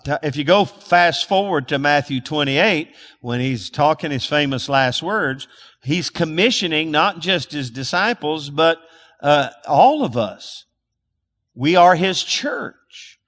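Bright-voiced pastor preaching in a hall. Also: male voice, a little high. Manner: calls for audience responses, restarts and fillers. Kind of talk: sermon. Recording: long hall reverb.

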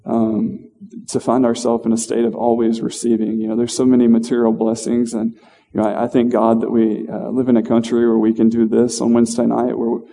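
A man giving an informal, conversational sermon in a church, halting with fillers and restarts. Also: mid-range voice, monotone, vocal fry, dark tone, in a large hall. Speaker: lay preacher. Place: church hall.

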